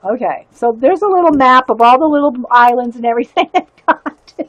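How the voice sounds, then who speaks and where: Woman host, high pitch, dry close sound, chatty and giggly, halting when reading aloud. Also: animated, no echo. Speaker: livestream host showing zines. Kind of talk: casual livestream chat and reading aloud.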